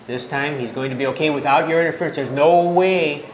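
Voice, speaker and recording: A man interviewing wrestlers for a wrestling TV show, asking measured questions. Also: fairly high pitch, slight background noise. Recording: echoey room.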